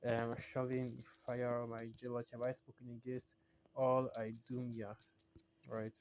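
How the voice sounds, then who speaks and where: A man of medium pitch delivers a solo video sermon, close to the mic. He talks emphatically, circles back over his phrases, and lifts his voice when he reads passages aloud. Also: monotone, moderate pace, a little mellow, a little hiss or hum. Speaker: preacher. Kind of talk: solo religious video teaching.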